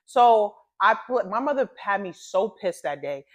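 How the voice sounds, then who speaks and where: A woman's voice: medium pitch, a little slow. Late 30s woman on her podcast, cussing and laughing, voice bouncing up and down. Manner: lively, laughs often, profane. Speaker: podcast co-host. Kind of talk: casual storytelling chat.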